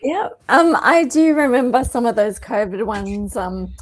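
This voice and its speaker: A woman's voice: on the high side, lively intonation, measured pace. A woman co-hosting a running podcast, telling stories with enthusiasm in casual chat. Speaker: podcast co-host.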